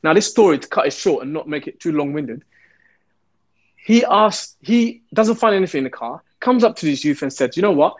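A man's voice: a little high, moderate pace. A man, a former police officer, telling a story in an interview and acting out the voices he quotes. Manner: animated, acts out the quoted voices.

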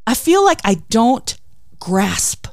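Female host, devotional chat, animated storyteller, close dry mic. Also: a little high, slow pace, creaky, no echo. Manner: expressive storytelling with acted quotes. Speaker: podcast host. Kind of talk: faith devotional talk.

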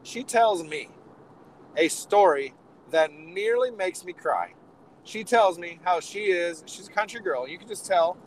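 A man's voice: sits high, animated, a little slow, a little hiss or hum, rough recording. Rambling man telling a road story. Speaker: podcast co-host. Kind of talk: casual chat. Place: in a vehicle on the road. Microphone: handheld mic.

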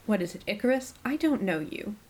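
A woman's voice: mid-range voice, expressive, brisk, a little mellow, husky. A woman voicing a nervous young female student in a tabletop game, evasive and flustered. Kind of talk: tabletop role-play.

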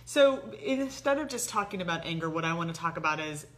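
Bright-voiced woman giving earnest advice. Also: fairly quick. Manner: earnest, animated, dips soft and low when quoting inner thoughts. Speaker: therapist guest. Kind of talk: casual advice chat.

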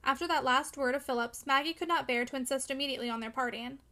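High-voiced woman narrating a novel. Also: quick pace, pushed and bright. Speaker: audiobook narrator. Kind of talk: scripted narration of a classic novel.

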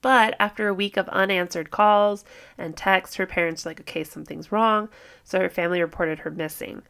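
A woman's voice: on the low side, steady tone, a little fast, fairly bright tone, smooth. A young woman co-hosting a true crime podcast in casual chat, talking freely with swearing and frequent laughter. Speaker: podcast co-host.

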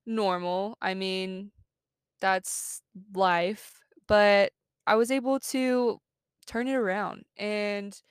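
A woman's voice: medium pitch, clean tone, dry recording, studio quality. A young woman, chatting casually as a podcast host from her parked car, upbeat and full of fillers. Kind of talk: casual chat.

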